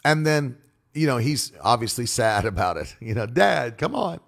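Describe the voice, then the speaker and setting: A man's voice: medium pitch, animated, normal speed, a bit bright. A male preacher giving a flowing sermon on marriage and parenting, repeating key phrases for emphasis. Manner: loose, flowing delivery with restarts.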